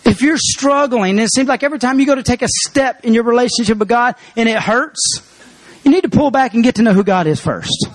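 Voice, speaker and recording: A man preaching a sermon as pastor, earnest and conversational, slowing down to stress key phrases. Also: very high voice.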